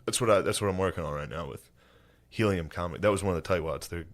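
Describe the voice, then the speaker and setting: A man co-hosting a podcast, chatting casually and telling animated stories with sudden high-pitched impressions. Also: fast. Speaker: podcast co-host. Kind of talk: casual chat.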